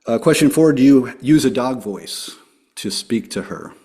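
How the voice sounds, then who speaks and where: A man hosting a casual podcast, asking quick upbeat questions. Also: mid-range voice, expressive, a little mellow, breathy edge. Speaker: podcast host. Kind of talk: casual interview chat.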